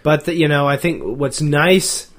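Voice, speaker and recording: A young man co-hosting a podcast, talking casually and haltingly, often restarting his thoughts. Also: a little high, crowd noise. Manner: hesitant, halting, lots of fillers and restarts. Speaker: podcast co-host. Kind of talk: casual political chat.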